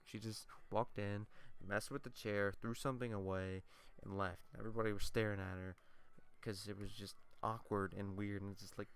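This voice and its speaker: A man talks over his gameplay in a low, smooth, clear voice, drifting from one tangent to the next. He swears freely and sounds tired as he rambles through a story. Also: little pitch movement, normal speed, fairly bright tone. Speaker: let's play gamer. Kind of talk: casual gameplay commentary.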